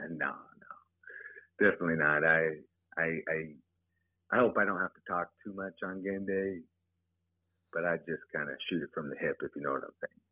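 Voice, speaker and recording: A man, a high school football head coach, talking plainly in an interview, often repeating words as he starts sentences. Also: normal speed, long pauses, no room sound. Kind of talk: casual interview. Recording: tinny phone line, dry.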